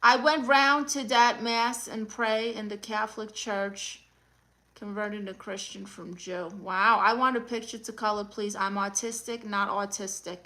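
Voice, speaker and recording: A woman with a New York accent hosts a comedic livestream as an aunt character, reading viewer comments and answering with dry, deadpan quips. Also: medium pitch, unhurried, rough recording. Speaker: livestream host playing an aunt.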